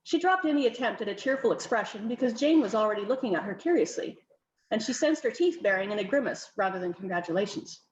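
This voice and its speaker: A woman's voice: medium pitch, animated, fast talker, roomy sound, highs cut off, a little hiss or hum. A woman author reading her own novel aloud in an informal, non-professional way. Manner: informal, self-correcting reading.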